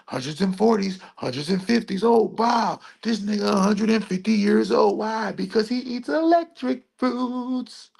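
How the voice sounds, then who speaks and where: Gravelly, husky voice, playful rambling wordplay. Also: medium pitch, darkish tone. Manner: playful wordplay, rhetorical questions and answers; repeats phrases in a sing-song rhythm. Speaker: spiritual video host. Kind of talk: rambling spiritual monologue.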